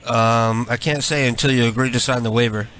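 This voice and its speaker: A man's voice: mid-range voice, fairly even intonation, brisk, fairly bright tone. A man hosting a prank call show, joking playfully between calls. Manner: playful, laughing asides. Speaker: radio prank call host.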